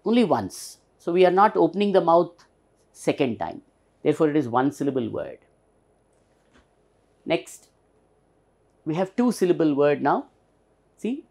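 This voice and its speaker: A man's voice: a little high, a little mellow. A man teaching a pronunciation lesson, patiently spelling out and repeating words. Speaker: English teacher.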